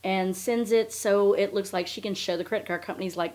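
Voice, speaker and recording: A woman hosts a casual podcast and retells a story with sarcastic bite and plenty of swearing. Her pitch sits in a middle range for a woman. She keeps coming back to disbelief and rhetorical questions. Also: fast talker, few pauses. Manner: profane and sarcastic; incredulous, animated storytelling. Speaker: podcast host. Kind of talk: casual commentary.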